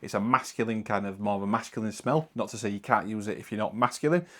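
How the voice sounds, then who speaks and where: A man with a Northern English accent hosting a casual product review, chatty and relaxed with frequent ums and uhs. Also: fairly low pitch, fast.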